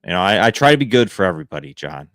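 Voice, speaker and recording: A man with a very deep, low voice talks casually through viewer questions, giving quick start-or-sit verdicts between easy fillers. The sound is dry and close, like a small room at home. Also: very animated, a bit bright, dry recording. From Buffalo area. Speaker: fantasy football show host. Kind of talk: casual live advice show, answering viewer questions. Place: home room he calls Santa's workshop.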